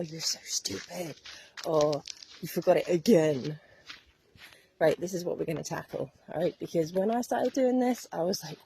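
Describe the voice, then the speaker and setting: A woman's voice: on the low side, vocal fry, mellow, slight background noise, low-quality recording. A woman giving a chatty, earnest wellness talk to her viewers, laughing now and then. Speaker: wellness coach. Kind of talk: casual talk to camera.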